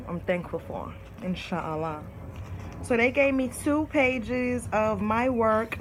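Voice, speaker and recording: A young woman talks slowly and tenderly to her vlog viewers, reading her own poems with heartfelt emotion. Her voice sits at a middling pitch, and faint background noise hums under the recording. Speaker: vlogger.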